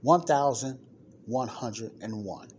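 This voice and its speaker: A man's voice: mid-range voice, takes it slowly, a little mellow, slight background noise. Emphatic man reading figures aloud. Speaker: podcast host. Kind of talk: casual commentary, reading an article aloud.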